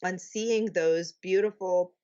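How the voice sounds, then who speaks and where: Woman, podcast guest, chatty, laughs easily, lower voice, muffled lo-fi sound. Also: steady tone, takes it slowly, warm tone. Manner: chatty, laughs often, many restarts. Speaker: guest, publisher. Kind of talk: candid podcast chat.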